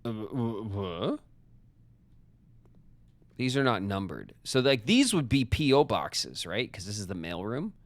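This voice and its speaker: Man, game streamer, lowish voice, casual live commentary, rambling, joking with chat. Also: very animated, unhurried, pauses often, dry recording.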